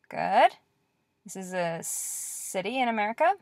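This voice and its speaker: Woman, language teacher, lecture-style lesson, slow clear drilling, patient, mid-pitched voice, dry close sound. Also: lively intonation, fairly bright tone, no echo. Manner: patient, encouraging.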